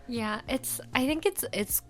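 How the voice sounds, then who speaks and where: A woman's voice: high voice, animated, measured pace, soft background music. A woman hosting a podcast, chatting in a friendly, enthusiastic way. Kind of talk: casual podcast chat.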